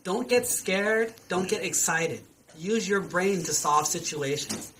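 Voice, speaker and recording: Bright-voiced monk telling a story. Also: male voice, high voice, slow pace, slight background noise, low-quality recording. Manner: asks the listeners questions, animated. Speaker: Buddhist monk. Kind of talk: storytelling sermon for children.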